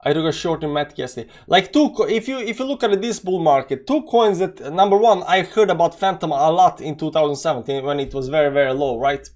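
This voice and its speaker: Young guy hosting a live crypto-style market stream, loose and chatty, says "you know" a lot, voice sits a bit high. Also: quick pace, few pauses, darkish tone. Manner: chatty, greets viewers by name, heavy "you know" fillers. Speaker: crypto market show host.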